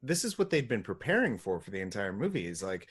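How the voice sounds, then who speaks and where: A man's voice: lowish voice, very animated, fast, a crowd in the background. A man co-hosting a podcast, recapping a movie in casual chat, laid-back, swearing and laughing often. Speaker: podcast co-host.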